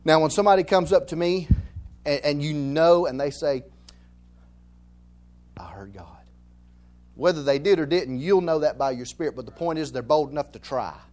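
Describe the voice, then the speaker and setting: High-voiced Southern pastor preaching folksy. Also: male voice, fairly quick, a little mellow. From Alabama, US. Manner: folksy, joking, repeats phrases for emphasis. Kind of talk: conversational sermon.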